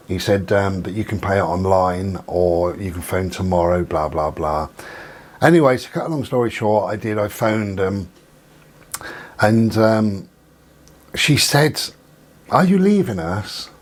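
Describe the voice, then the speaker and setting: A man with a husky voice, telling an exasperated story about phone calls and acting out both sides of the dialogue. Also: sits low, a little slow. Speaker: vlogger. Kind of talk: casual storytelling rant.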